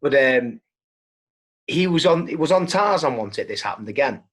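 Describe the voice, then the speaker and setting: A man hosting a casual interview chat, hesitant and halting, with friendly asides. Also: medium pitch, lively intonation, fairly bright tone, breathy edge. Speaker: podcast host.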